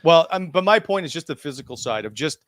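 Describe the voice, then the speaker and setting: A man's voice: fairly high pitch, animated, fast, fairly bright tone, no echo. Man hosting a hockey talk show, dry sound. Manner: leads the discussion, puts questions to the panel. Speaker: sports talk show host.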